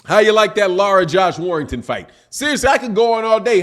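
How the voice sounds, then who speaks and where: High-pitched, animated boxing livestream host. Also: male voice, fairly quick, soft background music. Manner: animated, teasing, slangy. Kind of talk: livestream commentary with chat shout-outs.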